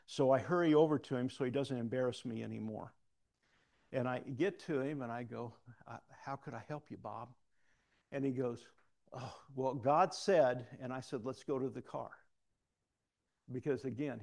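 A man delivers a sermon in a loose, conversational way, laughing at himself as he tells a personal story. His voice is gravelly with a noticeable fry and sits at an ordinary pitch. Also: darkish tone. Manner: conversational, self-deprecating storytelling. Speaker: preacher.

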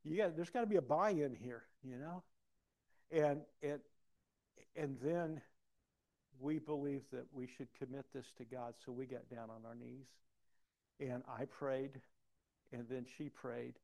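A man preaching a personal testimony, acting out dialogue and swinging from soft to loud. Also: medium pitch, unhurried, gravelly, long pauses. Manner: animated, acts out dialogue, big swings in loudness. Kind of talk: sermon storytelling.

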